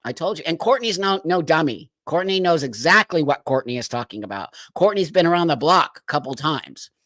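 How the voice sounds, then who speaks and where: A man's voice: fairly high pitch, expressive, fairly quick, fairly bright tone, no echo. Blunt, emphatic man hosting a livestream. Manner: blunt, emphatic, rhetorical questions; reads viewer comments aloud. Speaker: livestream host. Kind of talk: opinionated livestream commentary.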